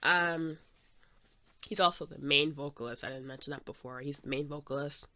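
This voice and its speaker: Her voice is low, pushed and bright, at normal speed with no room sound, as this podcast host draws and rambles chattily, peppering her talk with "um" and "like."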